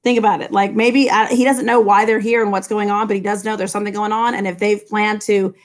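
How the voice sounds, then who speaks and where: A woman's voice: medium pitch, level tone, fairly quick. A woman English teacher casually explaining a novel to her students, chatty and full of fillers.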